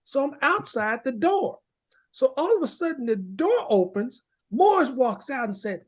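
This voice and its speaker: A man on a podcast spins a story with big swings in pitch, jumping up and down as he acts out the people in it. The talk is loose and casual, and he keeps it animated. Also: normal speed. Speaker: podcast co-host.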